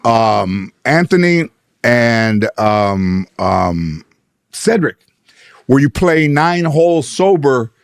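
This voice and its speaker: A man guesting on a talk show, telling a comic anecdote with animated, profane energy, laughing often. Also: medium pitch, extremely slow, creaky, no room sound, studio quality. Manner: animated, profane, laughing, mimics others' voices. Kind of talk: comedic anecdote storytelling.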